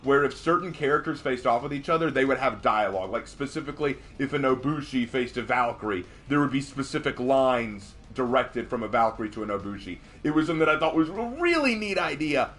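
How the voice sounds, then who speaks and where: Animated man chatting while gaming. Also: medium pitch, a little fast, hardly any pauses. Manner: animated, joking, addresses viewers as y'all. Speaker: streamer and host. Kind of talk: casual chat while gaming.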